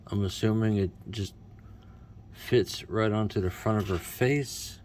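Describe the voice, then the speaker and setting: A man's voice: on the low side, steady tone, measured pace, darkish tone, a little hiss or hum. A man doing casual unboxing commentary as a toy reviewer, with wry, self-mocking asides.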